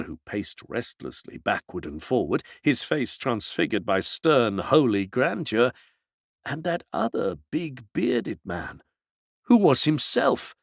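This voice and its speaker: This is scripted audiobook narration from a man with a gravelly, mid-range voice. The recording is studio quality with no echo.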